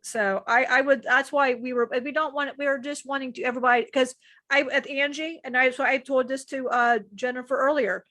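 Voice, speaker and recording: A woman's voice: high voice, fairly even intonation, fairly quick, fairly bright tone, dry recording. A woman co-hosting a live stream, sharing personal struggles in a rambling, emotional way, often restarting sentences and swearing casually. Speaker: channeler co-host.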